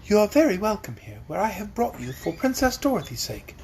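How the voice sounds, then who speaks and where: A man's voice: high-pitched, sing-song, a little fast, a little mellow, a little hiss or hum. A man voicing a gracious, decisive young girl ruler who speaks in a stately, formal way.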